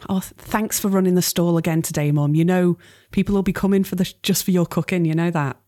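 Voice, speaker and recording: A woman's voice: on the low side, fairly even intonation, quick pace, mellow, no echo, clean studio sound, lightly acted. A woman voicing a stressed young adult daughter, frazzled and sweary.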